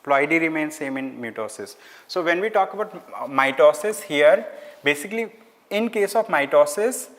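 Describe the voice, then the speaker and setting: A teacher with an Indian English accent lectures his class in a slightly high, expressive voice at normal speed, repeating key words and slipping into Hindi phrases. The room has a long, hall-like reverb, and the scratch of writing on a board runs beneath him.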